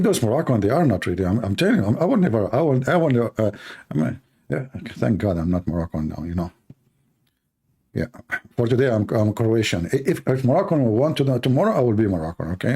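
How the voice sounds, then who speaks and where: A man hosting a live stream, talking in a rambling, joking way with halting, broken grammar. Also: medium pitch, husky. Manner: animated, joking, teasing, with halting non-native grammar. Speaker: live-stream show host.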